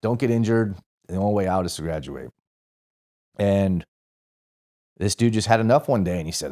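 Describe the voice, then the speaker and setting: Guy in his 40s from st louis, low mellow voice, rambly swear-y story with lots of "you know". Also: expressive, normal speed, long pauses. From St. Louis, USA. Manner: rambling, self-correcting, profane and laughing. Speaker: podcast guest, former Marine. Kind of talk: casual storytelling.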